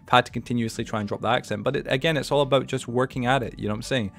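A man of twenty-one with a light Scottish accent, hosting a casual podcast chat in a lively, talkative way. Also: medium pitch, a little hiss or hum. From Scotland. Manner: quick, animated, says "you know what I'm saying". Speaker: podcast host.

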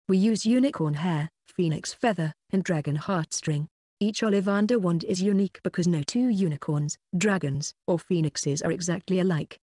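An audiobook narrator voicing a shriveled old male wandmaker who speaks gently and rambles on. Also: medium pitch, no room sound, clean studio sound, natural voice. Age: older. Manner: gentle, archaic-sounding speech. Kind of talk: audiobook character voice.

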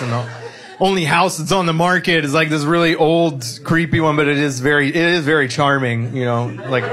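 A man telling a rambling comic story, laughing as he goes. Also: medium pitch. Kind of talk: storytelling comedy bit.

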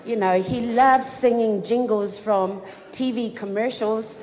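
A woman giving a eulogy at a funeral service, telling a personal story in an excited, giggly way. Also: fairly high pitch, measured pace. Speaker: eulogy speaker. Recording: reverberant hall, faint background noise.

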